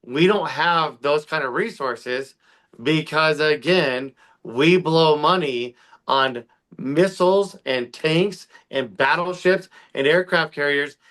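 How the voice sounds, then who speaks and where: A man co-hosting a casual podcast, ranting fast and heatedly with lots of swearing. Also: fairly high pitch, fairly bright tone. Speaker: podcast co-host. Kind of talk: casual political podcast chat.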